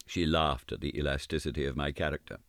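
A man reading a novel aloud in first person, earnest and measured in his delivery. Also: a bass voice, gravelly, a bit bright, no echo, studio quality. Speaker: audiobook narrator.

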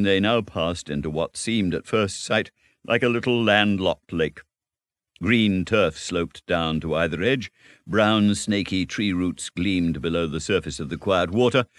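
A man reading a storybook aloud in an expressive, measured narration. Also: fairly low pitch, no room sound, clean studio sound. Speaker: audiobook reader.

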